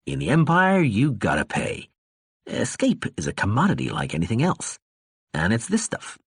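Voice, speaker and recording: A man's voice: mid-range voice, huge pitch swings, moderate pace, breathy edge, no room sound, studio quality, heavily acted. A man voicing a drunken male ambassador who rambles in a slurred, meandering way, sardonic and weary. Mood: drunken rambling.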